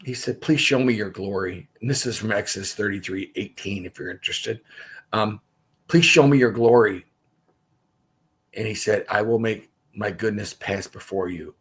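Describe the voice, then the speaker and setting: A man's voice: fairly low pitch, fairly bright tone, breathy edge. A man hosting a casual livestream Bible study, reading scripture aloud and stopping for chatty asides.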